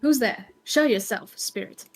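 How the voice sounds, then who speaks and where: A woman voicing a blunt, cranky old witch granny in a fairytale game, gruff and grumbling. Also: a little high, unhurried, soft background music, natural voice. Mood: threatening.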